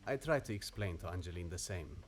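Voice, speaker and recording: A man's voice: low voice, expressive, quick pace. An actor playing an earnest, formal young man who is engaged to be married, in game audio with music behind.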